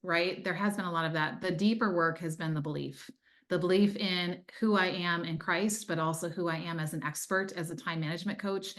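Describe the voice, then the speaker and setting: A woman's voice: lowish voice, fairly bright tone. A woman who works as a time management coach, talking earnestly and conversationally as a guest in an interview, with many fillers. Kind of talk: testimonial interview.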